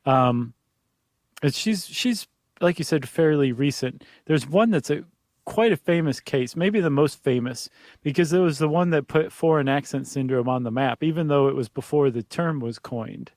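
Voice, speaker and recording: A man's voice: a little high, moderate pace, darkish tone, no echo, clean studio sound. A man co-hosting a podcast in casual chat, explaining things thoughtfully. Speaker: podcast co-host.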